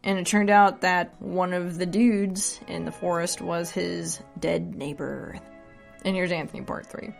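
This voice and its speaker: A woman's voice: lowish voice, steady tone, a little slow, gravelly, soft background music. A drunk woman reading a story aloud at home under a blanket, loose and rambling with side notes.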